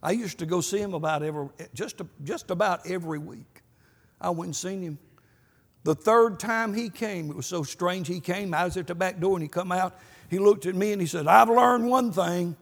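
A man delivers a folksy sermon with a high, gravelly voice. His tone is slightly husky, and he sprinkles amens throughout. A long reverb from a church hall trails his words. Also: brisk. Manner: folksy storytelling, repeated amens. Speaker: pastor.

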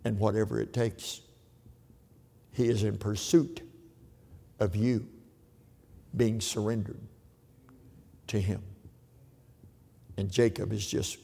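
An older man preaching a sermon, telling a family story in an earnest, halting way with restarts. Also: fairly low pitch, little pitch movement, vocal fry, mellow, slightly rough. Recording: long hall reverb.

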